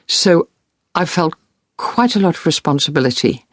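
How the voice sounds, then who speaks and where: A woman's voice: sits low, lively intonation, moderate pace, dry recording. A woman war correspondent earnestly recounting vivid experiences in an interview. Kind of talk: interview storytelling.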